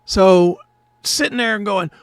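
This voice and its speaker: A man in his fifties with a strikingly high, gravelly voice rants sarcastically through a casual podcast chat and swears freely. The sound is dry and close. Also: unhurried, dry recording. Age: 50s. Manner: sarcastic, ranting, swears often. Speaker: podcast co-host. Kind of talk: casual profane podcast banter.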